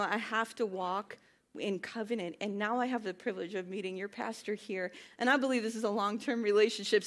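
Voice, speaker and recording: A woman's voice: fairly high pitch, fairly bright tone. A woman in her thirties, a worship pastor, giving a sermon in a chatty, self-deprecating way that builds into emphatic preaching. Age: 30s.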